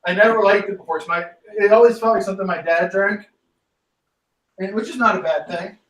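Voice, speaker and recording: A man's voice: high-pitched, fairly quick, a bit bright. Rambling jokey man with Pittsburgh accent. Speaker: podcast co-host. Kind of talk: casual chat.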